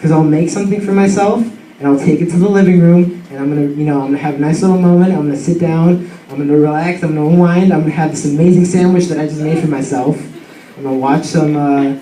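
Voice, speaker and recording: A young man telling a funny story about his dog in an animated, slangy way full of fillers. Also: a little high, quick pace, slight background noise. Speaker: student storyteller. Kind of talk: comic personal storytelling. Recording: roomy sound from a distant mic.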